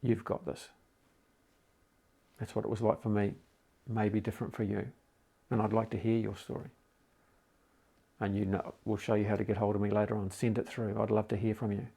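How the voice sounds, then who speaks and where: A middle-aged man speaking calmly and reassuringly straight to the listener in a mental health support talk. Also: fairly low pitch, brisk, creaky, long pauses, slightly rough. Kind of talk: gentle direct-to-camera support talk.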